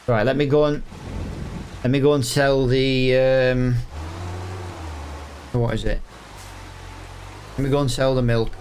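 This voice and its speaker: Casual male streamer talking viewers through a game, mid-pitched, faint noise behind. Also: little pitch movement, a little slow, pauses often. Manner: chatty, exasperated, talks to viewers. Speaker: gaming streamer. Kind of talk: casual gameplay commentary.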